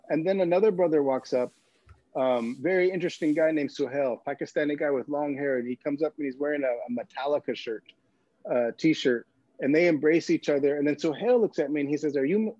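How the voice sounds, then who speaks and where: A man from California recounts his own story as a guest, with humor and frequent laughter. His voice is mellow and relaxed. The recording sounds dry and somewhat dull. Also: a little high, no echo. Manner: humorous, laughs often, repeats words. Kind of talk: personal storytelling in a talk.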